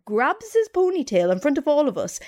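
High-voiced woman telling a story. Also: brisk. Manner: animated narration with acted-out quotes. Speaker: co-host. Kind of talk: storytelling on a comedy podcast.

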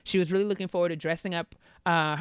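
A woman co-hosting a podcast, reading listener shout-outs aloud and cheering the listeners on. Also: lowish voice, steady tone, fast, smooth, dry recording, clean studio sound. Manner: warm and encouraging, cheering listeners on. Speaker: podcast co-host. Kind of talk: casual chat, reading listener letters aloud.

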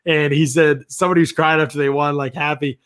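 A man co-hosting a sports podcast as a football analyst, talking casually and retelling stories with quick quoted lines. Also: a little high, steady tone, fairly bright tone.

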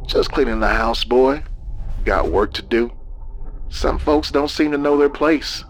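A man's voice: medium pitch, measured pace, voice pushed up, natural voice. A man voicing a menacing, possessed man who taunts and sneers, in a horror audiobook.

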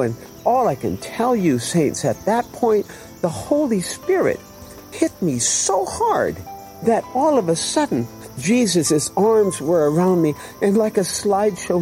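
A man's voice: sits high, mellow, rough recording. An older man earnestly telling his personal faith testimony in an emotional storytelling way. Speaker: testimony speaker.

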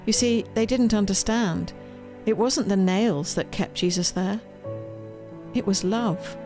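Gentle woman storyteller over soft music. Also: mid-range voice, slow. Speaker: author reading her storybook. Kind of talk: storybook read-aloud. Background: faint music.

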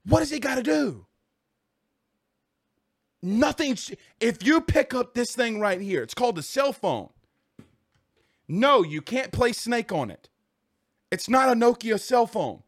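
A high-pitched man delivers a heated sports rant straight to his listeners. He repeats himself for emphasis and keeps pushing his point in a casual, talk-show way. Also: big pitch swings, measured pace, pauses often. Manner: heated, repetitive, talks straight at the audience. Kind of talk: casual ranting commentary.

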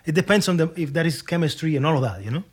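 A man chats as a guest over a video call, his voice sitting fairly high for a man. He tells stories with animated energy, often stopping to restart a phrase. He slips into the voices of the people he quotes. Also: racing, slightly rough. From Cuba. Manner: animated, frequent restarts, acts out quoted dialogue. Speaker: guest musician. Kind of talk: casual interview storytelling.

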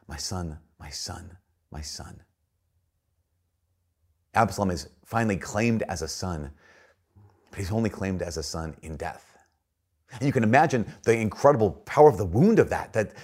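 Male priest, very low voice, homily in a relaxed talking style with repeated restarts. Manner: conversational preaching with frequent restarts, swings between soft and loud. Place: church.

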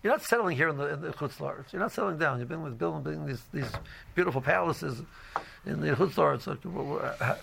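A man teaches an informal Torah class in a somewhat raised voice with a rough, gravelly edge. He rambles through his points with constant "you know"s and restarts. He slips Hebrew and Yiddish terms into his English as he goes. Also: a little high, expressive, a little fast, noisy background. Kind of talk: informal religious lecture.

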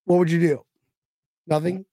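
A man's voice: fairly high pitch, flat delivery, normal speed, warm tone, dry recording. A man hosting a casual podcast chat, joking, swearing and laughing with guests. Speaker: podcast host.

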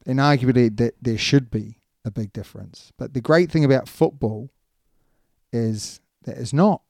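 A man's voice: medium pitch, normal speed, vocal fry, a little mellow, dry recording, clean studio sound. A man with a New Zealand accent, co-hosting a podcast in casual chat, rambling and laughing easily. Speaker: podcast co-host.

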